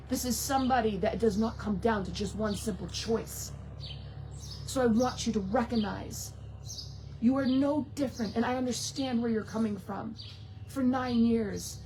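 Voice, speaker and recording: Earnest higher-voiced woman coaching families. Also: noisy background. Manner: earnest, emphatic, talks straight to listeners. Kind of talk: heartfelt recovery talk to families.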